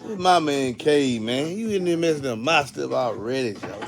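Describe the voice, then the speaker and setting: A middle-aged man hosting a casual livestream. He talks loud and excitable, full of slang, and laughs often. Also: mid-range voice, normal speed, gravelly, music in the background. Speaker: host of a car audio livestream.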